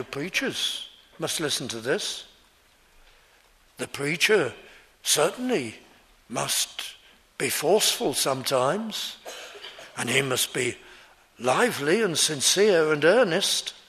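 A male preacher giving an expository sermon, explaining a scripture passage verse by verse in an earnest, measured way. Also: a little high, fairly bright tone.

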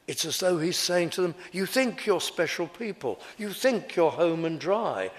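A male preacher delivers his sermon slowly and deliberately. His voice sits a little high for a man, and he leans hard on key words, lifting his pitch and volume as he voices the quoted speakers. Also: fairly bright tone. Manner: slow, emphatic preaching with dramatic rises when quoting. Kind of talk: expository sermon.

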